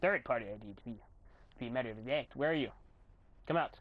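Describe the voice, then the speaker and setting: A young man giving rambling, goofy commentary while recording his own game, often bursting into yells and silly voices. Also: mid-range voice, fairly quick, long pauses, dry recording. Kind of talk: gameplay commentary.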